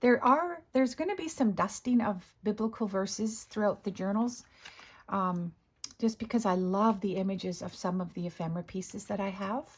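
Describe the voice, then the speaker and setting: A woman with a hoarse morning voice, chatting casually as she shows her craft work, often clearing her throat and correcting herself. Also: medium pitch, normal speed. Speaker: craft video host. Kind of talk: casual crafting show-and-tell.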